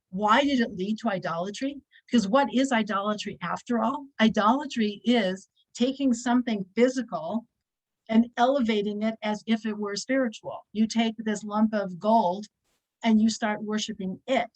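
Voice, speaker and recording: A woman's voice: a little high, moderate pace, rough recording. A woman teaching a conversational weekly religious lesson to women, repeating key phrases and acting out little quoted voices.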